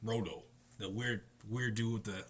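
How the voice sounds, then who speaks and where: A man's voice: lowish voice, steady tone, moderate pace, slight background noise. A young man reviewing an anime chapter in a casual, rambling way. He laughs often and acts out the characters' lines in playful voices.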